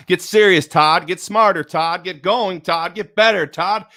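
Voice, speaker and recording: A middle-aged man giving a motivational talk, energetic and repetitive, chanting pep-talk lines at himself. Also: high-pitched, measured pace, few pauses. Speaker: motivational speaker.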